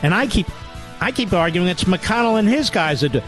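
A man's voice: sits high, lively intonation, fairly quick, fairly bright tone, soft background music. A man hosting a talk radio show, indignant and emphatic, repeating his points for effect. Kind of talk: talk radio monologue and calls.

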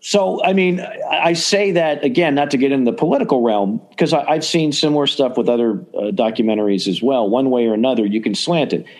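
A male podcast host in casual sports talk. He rambles eagerly through his opinions, circling back and restarting his sentences, at a mid male pitch. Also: brisk, hardly any pauses.

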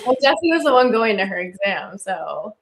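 A young woman in her twenties from Canada, a singer guest on a podcast, talking in a relaxed way full of "like". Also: medium pitch, normal speed. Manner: relaxed, heavy use of "like". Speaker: guest, country music singer. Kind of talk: casual interview chat.

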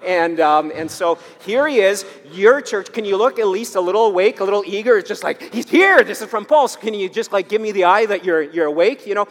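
A male pastor preaching a sermon, emphatic and repetitive, swinging between loud urging and quiet asides. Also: sits high, fairly quick, few pauses. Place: church sanctuary. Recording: long hall reverb.

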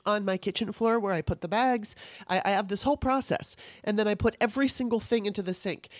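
A woman hosting her podcast alone, upset and tearful, talking candidly with frequent swearing and halting restarts. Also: medium pitch, no room sound, studio quality. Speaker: podcast host. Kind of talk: emotional solo podcast monologue.

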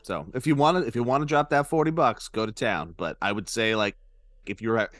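A man's voice: mid-range voice, fairly quick, fairly bright tone, no echo, clean studio sound. A man co-hosting a podcast, jokey and rambling, chatting and then reading an ad with asides. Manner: jokey, rambling, laughs mid-sentence. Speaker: podcast co-host. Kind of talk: casual chat and read ad.

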